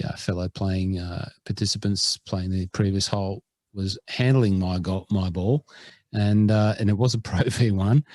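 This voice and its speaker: Australian male podcast co-host, low-ish voice, rambling and self-deprecating, dry close recording. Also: darkish tone, no room sound. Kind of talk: casual chat.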